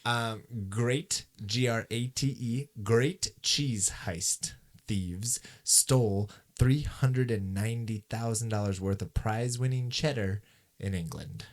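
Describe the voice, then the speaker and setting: Male podcast co-host, mid-pitch, reads news items aloud, fumbles long words, jokey. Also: takes it slowly. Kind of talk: casual chat, reading news stories aloud.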